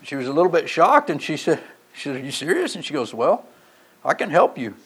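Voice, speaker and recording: Male preacher, pitch a touch above average, sermon delivery with emphatic swells and hushed drops. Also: very animated, brisk, husky. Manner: storytelling, rising to emphatic passages then dropping quiet.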